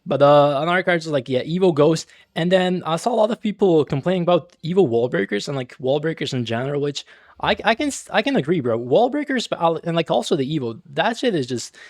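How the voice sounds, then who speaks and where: A man's voice: a little high, expressive, fast, a little mellow, no room sound, studio quality. Laid-back young man rambling over gameplay. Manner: laid-back, rambling, slangy, many fillers and restarts. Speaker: gaming channel host. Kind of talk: casual gameplay commentary.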